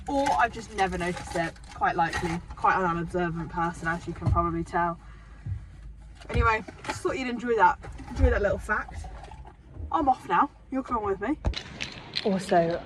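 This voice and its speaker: A woman's voice: mid-range voice, fairly quick. A young woman vlogging from her car, rambling chattily and swearing casually. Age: young adult. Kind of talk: casual vlog chat. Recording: noisy car interior. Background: car and road noise.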